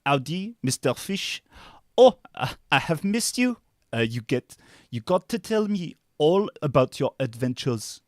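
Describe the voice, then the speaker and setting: A man's voice: fairly high pitch, sing-song, unhurried, no room sound, clean studio sound. A man putting on a hammy French-accented tavern oddball. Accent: French (put on). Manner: hammy, playful. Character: French-accented quirky tavern patron who loves a mounted fish.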